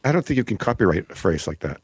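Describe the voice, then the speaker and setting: A man's voice: fairly low pitch, big pitch swings, quick pace, slightly rough, dry recording. A man co-hosting a casual chat show over video call, dropping in short, dry remarks.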